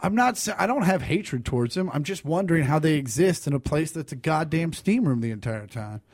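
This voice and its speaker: A man's voice: fairly high pitch, animated, brisk, dry recording, studio quality. A man in casual podcast chat, ranting in an exasperated, profane way.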